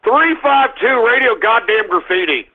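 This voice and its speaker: A male radio talk show host, exasperated, yelling at callers to shut up. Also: very high-pitched, expressive, normal speed, gravelly. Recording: tinny phone-like sound.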